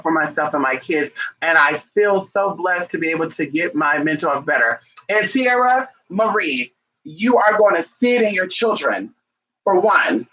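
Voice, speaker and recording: Man, high voice, bright tone, sassy casual vlog chat, talks to his pets. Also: poor audio. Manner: sassy and chatty, calls the viewer honey and girl; breaks off to scold and coax his pets. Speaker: vlogger. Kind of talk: casual talking-to-camera chat.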